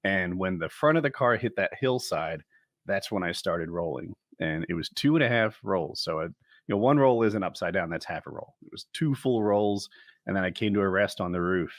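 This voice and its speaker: A man co-hosting a podcast, telling stories in a calm, detailed way during casual chat. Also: low voice, moderate pace, no echo, studio quality. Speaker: podcast co-host.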